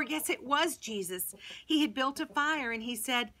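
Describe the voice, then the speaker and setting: Bright-voiced woman telling children a Bible story. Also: high-pitched, normal speed. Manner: expressive, warm storytelling voice. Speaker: Sunday school teacher.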